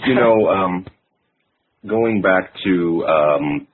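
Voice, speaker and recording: Low husky man on a tinny call. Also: fairly even intonation, takes it slowly. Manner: hesitant, many fillers and restarts. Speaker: podcast panelist. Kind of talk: casual panel chat. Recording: tinny phone-like call audio.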